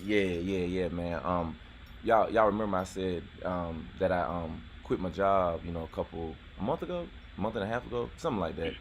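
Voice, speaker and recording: A man's voice: low-pitched, brisk, slight background noise. A man in his thirties hosting a casual podcast chat outdoors, talking in a laid-back way with lots of fillers and restarts. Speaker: YouTube host.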